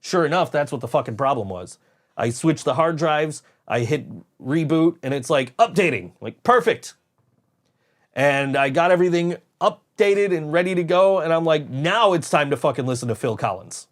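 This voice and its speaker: A man's voice: on the high side, animated, moderate pace. Casual swearing podcast host man. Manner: rambling storyteller, frequent swearing and laughs. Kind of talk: casual chat.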